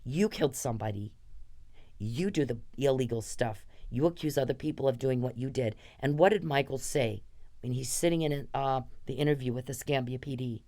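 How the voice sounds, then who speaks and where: A woman in her fifties hosts a podcast and launches into an angry, profane monologue accusing one person directly. Her voice is rumbling and low, warm in tone, and fairly quick.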